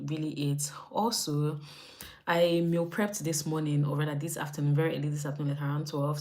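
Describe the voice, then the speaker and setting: A young woman with a Nigerian accent chatting casually on a live stream, animated and acting out her own reactions. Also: low voice. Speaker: lifestyle livestreamer.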